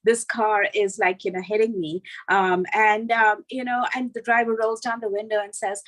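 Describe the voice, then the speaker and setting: A middle-aged woman doing a self-deprecating stand-up set, telling animated stories with lots of fillers. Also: on the high side, a little fast, rough recording. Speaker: stand-up comedian.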